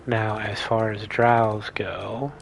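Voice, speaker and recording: A man's voice: fairly low pitch, level tone, slow pace, vocal fry, slight background noise. A man hosting a casual let's play, rambling and explaining his choices as he thinks aloud. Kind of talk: casual gameplay commentary.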